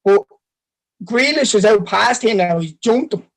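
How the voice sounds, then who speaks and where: Irish guy, very high voice, laid-back football pod chatter. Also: animated, a little slow, vocal fry, rough recording. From Ireland. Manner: conversational, ends lines with "like". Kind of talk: casual football chat.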